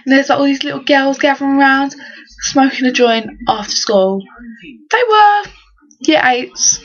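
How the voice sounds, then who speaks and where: High-pitched and measured, a teenage girl from England tells stories in an exasperated vlog rant peppered with slang. The webcam recording sounds dull and lo-fi.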